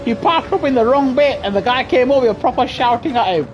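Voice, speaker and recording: A man with a high voice, giving excitable live commentary on a racing game, chatting with viewers and yelling as he gains places. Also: fairly quick, slight background noise. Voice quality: high-pitched voice. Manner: excitable, yelling at the race, laughing often. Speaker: gaming streamer.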